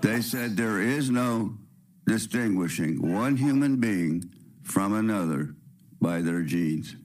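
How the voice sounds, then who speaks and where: Raspy, sniffly man hosting a slow radio show. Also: on the low side, animated, darkish tone. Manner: rambling, with rhetorical questions and restarts. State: sniffly with a cold. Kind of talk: preachy spiritual radio talk.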